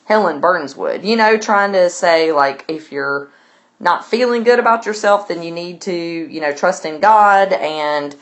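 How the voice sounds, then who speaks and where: A woman's voice: lowish voice, unhurried. A woman teaching a literature class, summarizing a novel in a casual, chatty way with plenty of fillers. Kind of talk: recorded lesson summarizing a novel.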